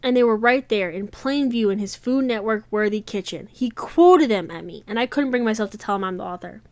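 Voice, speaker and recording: A woman reading aloud, voicing a flustered, embarrassed young woman baker who talks haltingly. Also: mid-range voice, dry recording, lightly acted.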